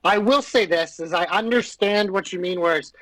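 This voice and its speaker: A high-pitched man trades blunt, profane opinions in a casual podcast chat. His voice sits close to the mic with no room sound at all. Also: normal speed, fairly bright tone, no room sound, rough recording. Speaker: podcast co-host. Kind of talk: casual chat about pro wrestling.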